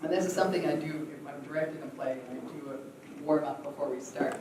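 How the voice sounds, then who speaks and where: A woman's voice: low-pitched, fairly even intonation, fast, far from the mic, background noise. Woman leading an acting workshop, echoey room. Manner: demonstrative, laughs often, acts out vocal exercises. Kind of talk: teaching a voice workshop. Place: large echoey theatre room.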